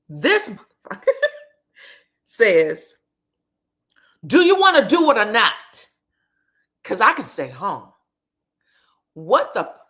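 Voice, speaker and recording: Woman, reality TV recap, casual gossip talk, acts out quotes, swears freely, very lively pitch. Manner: animated storytelling, acting out quotes, swearing, laughing.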